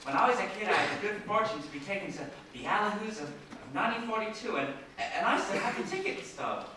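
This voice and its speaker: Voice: medium pitch, animated, quick pace, lightly acted. A performer playing a timid, nervous young male accountant who stammers and breaks into hysterics, in stage comedy style. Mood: earnest. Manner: jittery, stammering, prone to hysterics. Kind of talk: stage musical comedy acting. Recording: echoey stage sound from far off, faint noise.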